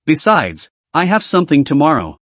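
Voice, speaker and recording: A man's voice: a little high, wildly swooping pitch, normal speed, a bit bright, no echo, full character voice. A man reading the lines of a cocky young male office worker with a smug, teasing manner.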